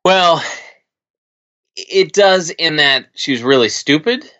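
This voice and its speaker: A man co-hosting a podcast, giving casual opinions in a relaxed chat with many restarts. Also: on the high side, slow, lo-fi sound. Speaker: podcast co-host.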